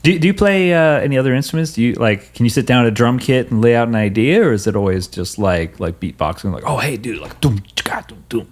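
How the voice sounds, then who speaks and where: A man's voice: medium pitch, expressive, fast, few pauses. A man co-hosting a podcast, asking questions in a friendly, encouraging way. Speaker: podcast co-host. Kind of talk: casual chat.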